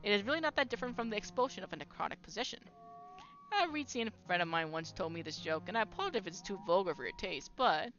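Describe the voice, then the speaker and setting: A woman gives voice to a crude old halfling scholar who lectures on and on, swearing as casually as he breathes. The voice is bright and lively in its rises and falls, over a slightly dull, muffled stream recording with faint music behind. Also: medium pitch, fast, lightly acted. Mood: lecturing. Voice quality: long-winded, lecturing, crude. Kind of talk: reading game dialogue aloud.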